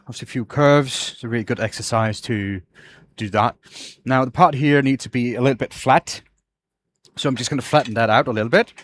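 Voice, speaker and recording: A man's voice: medium pitch, fairly quick, fairly bright tone. A man hosting a live woodturning stream from his workshop, talking casually and thanking viewers with effusive gratitude and frequent sighs. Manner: effusively grateful, sighing often. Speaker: woodturning livestream host. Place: home workshop.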